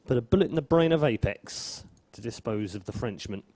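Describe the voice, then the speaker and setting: A man's voice: medium pitch, animated, a little fast, a little mellow, no room sound. A man giving esports play-by-play commentary, wry and bantering.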